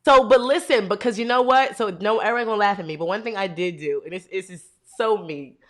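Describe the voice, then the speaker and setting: A young woman chatting as a podcast guest, excitable, laughing often and restarting sentences. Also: medium pitch, fast talker. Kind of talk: casual chat.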